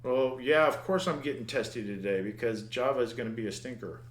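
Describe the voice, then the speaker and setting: In a screen-recorded coding lesson, a man teaches programming while thinking aloud, muttering at the code and restarting his words. His mid-range voice is brisk and reverberant.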